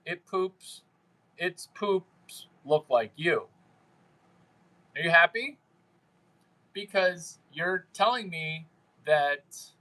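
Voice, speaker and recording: Slow-talking guy on a livestream, kinda high voice, crude and mocking, rambles at his viewers. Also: sharp tone, low-quality recording. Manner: mimics viewers in put-on voices. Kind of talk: unscripted livestream chat with viewers.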